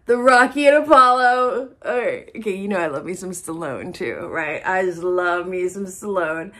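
A woman vlogger chatting casually to camera about her shopping haul, excitable and swearing freely. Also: on the low side, moderate pace.

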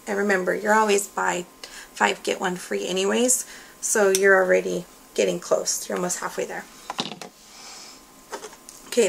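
A woman chatting casually through a product review, relaxed and full of fillers, with her voice going hoarse. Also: medium pitch, a little hiss or hum, low-quality recording. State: losing her voice. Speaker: beauty product consultant.

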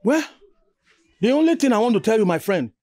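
A man's voice: high voice, big pitch swings, a little fast, dark tone, dry recording. A man with a Nigerian accent in a film drama, playing a leering, gloating suitor. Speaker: lustful suitor.

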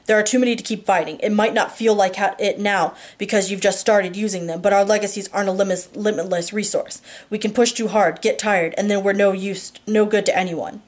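A woman voicing an earnest, overwhelmed young alien hero who speaks in a halting, sincere way. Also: medium pitch, steady tone, lightly acted.

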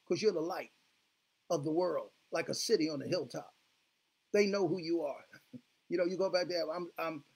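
High husky pastor guy preaching hard, call and response stuff. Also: a little mellow. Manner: fervent, repeats "glory be to God, hallelujah" with call-and-response. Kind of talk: sermon.

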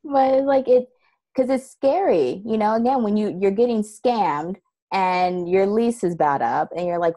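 A woman teaching a course, chatting casually and telling a story in an animated way, laughing often. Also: medium pitch, a little slow. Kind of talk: casual chat.

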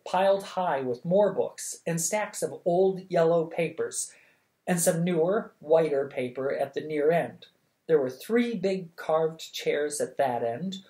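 A reader narrating a children's novel at bedtime, measured and even. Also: medium pitch. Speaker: audiobook reader. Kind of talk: scripted storybook narration.

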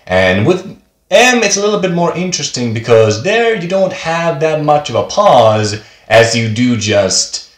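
A man teaching a beginner pronunciation lesson, speaking patiently and repeating each example word twice. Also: medium pitch. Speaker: language teacher. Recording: echoey room.

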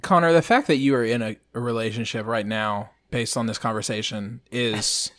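A man's voice: mid-range voice, moderate pace, a bit bright. A man co-hosting a podcast, chatting casually in a rambling, jokey way. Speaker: podcast co-host. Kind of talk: casual chat.

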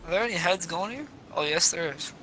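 A man chatting with friends while gaming, excitable and swearing a lot. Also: high-pitched, a little fast, very noisy. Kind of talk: casual gaming chat. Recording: voice chat with loud music behind.

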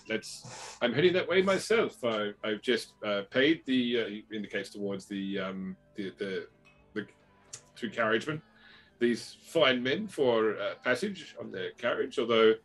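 A man's voice: mid-range voice, animated, a little slow, fairly bright tone, faint music behind. A man voicing a genial, polite male traveler who hesitates often. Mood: friendly. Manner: polite, hesitant, many fillers.

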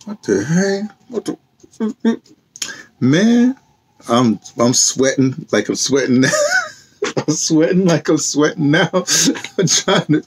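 A man casually chatting in a vlog, telling a rambling story with lots of laughs and sounding tired from a day of walking. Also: mid-range voice. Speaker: vlogger. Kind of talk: casual chat.

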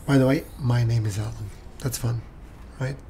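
A man with a hoarse, worn voice chatting casually while streaming a game and thanking viewers. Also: medium pitch, steady tone, moderate pace, warm tone, a little hiss or hum. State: hoarse, losing his voice. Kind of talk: casual live gameplay chat.

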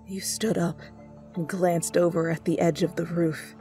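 A woman narrates a second-person fanfiction story in a soft, unhurried voice. She takes her time over every line. Faint music plays underneath. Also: fairly low pitch, flat delivery. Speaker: fanfiction reader.

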